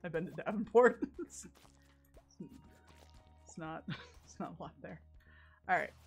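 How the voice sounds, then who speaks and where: A woman's voice: fairly low pitch, unhurried, creaky, soft background music. A young woman from the American South chatting casually with her stream chat while playing a game, laughing often and swearing freely. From Southern United States.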